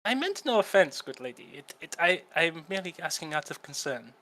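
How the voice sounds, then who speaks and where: A man's voice: a little high, very animated, fairly quick, sharp tone, rough recording. A man voicing a formal, courtly male drow adventurer who speaks in stiff, old-fashioned phrases. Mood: earnest.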